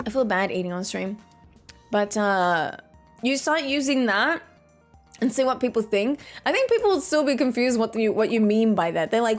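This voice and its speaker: A woman's voice: fairly high pitch, lively intonation, normal speed, faint music behind. A woman, chatting casually with her chat while gaming, reading messages aloud and laughing often. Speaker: streamer.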